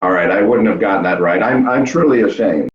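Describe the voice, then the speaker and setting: A man's voice: on the low side, fairly quick, echoey room, recorded from a distance, muffled recording, crowd noise. A man columnist competing in a spelling bee over a video call, who speaks in a wry way and laughs at himself. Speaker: columnist contestant.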